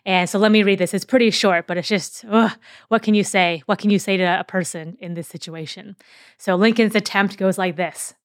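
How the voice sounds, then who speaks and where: A woman hosts a podcast in a relaxed, conversational way, pausing now and then with fillers and restarting her thoughts. Her voice sits at an ordinary middle pitch. The recording is dry and close, with no room sound. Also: dry recording. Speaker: podcast host. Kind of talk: casual educational podcast talk.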